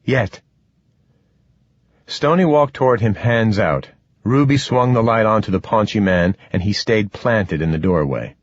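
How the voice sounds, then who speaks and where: A man narrating an audiobook in a measured, expressive reading. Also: lowish voice, no room sound. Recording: dull, dry, slightly muffled.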